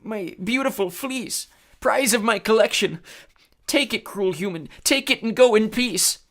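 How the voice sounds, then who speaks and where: Figure: a cruel, self-pitying cyclops giant. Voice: strained and pitched far up, drawn out slowly, bellowing or whimpering. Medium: storybook reading. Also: male voice, fairly bright tone. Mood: pitiful. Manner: bellowing, then whimpering and sobbing. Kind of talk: storybook character voice.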